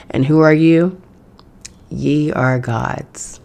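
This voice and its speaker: A woman podcast host with a gravelly edge to her voice, speaking in a casual spiritual monologue. She talks bluntly and swears freely, like she's chatting with friends from her home. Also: extremely low pitch, normal speed. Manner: blunt, profane, conversational. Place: home in New York.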